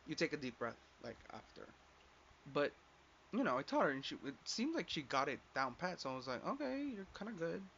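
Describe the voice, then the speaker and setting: A man's voice: fairly high pitch, big pitch swings, brisk, gravelly, a bit bright. A young man telling a personal story in a casual rant, rambling with lots of filler and swearing as he quotes others. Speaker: podcast host. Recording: dull lo-fi sound with faint background noise.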